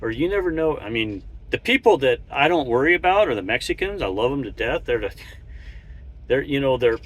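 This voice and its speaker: A man's voice: medium pitch, very animated, fairly quick. Rambling truck driver, a man. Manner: rambling, with many restarts and chuckles. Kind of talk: casual monologue while driving. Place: truck cab on the road.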